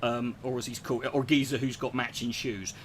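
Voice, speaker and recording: A man's voice: medium pitch, level tone, brisk, slight background noise. A man performing a stand-up comedy routine, rambling and profane, slipping into impressions.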